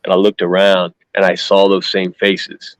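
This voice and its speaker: A man's voice: sits low, completely flat delivery, moderate pace, dry recording, lo-fi sound. A man speaking earnestly and gratefully in casual chat as a guest fan on a video call.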